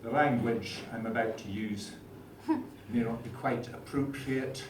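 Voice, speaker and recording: A man delivers a dry, self-deprecating comic speech at a dinner in a mid-range voice, speaking a little slowly. The recording comes from a roomy dinner hall with a distant mic and lots of noise.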